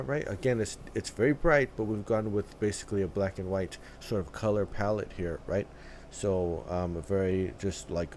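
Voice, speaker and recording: A man hosts a reaction video, talking casually in halting phrases full of fillers and restarts, often tacking on "right?" and "dude." His voice is lowish and darkish, with slight background noise.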